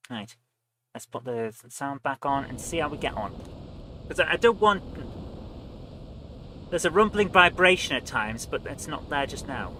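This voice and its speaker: A man's voice: medium pitch, bright, forceful tone, a little hiss or hum, low-quality recording. A British man hosting a live stream, chatting casually and grumbling while he fiddles with his audio settings.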